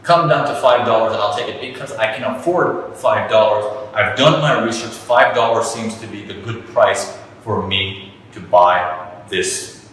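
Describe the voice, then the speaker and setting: A man's voice: fairly low pitch, a little slow, a bit bright, a little hiss or hum. Man acting as an anxious small-time trader. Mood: pleading. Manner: pleading, fretful. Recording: echoey hall from far off.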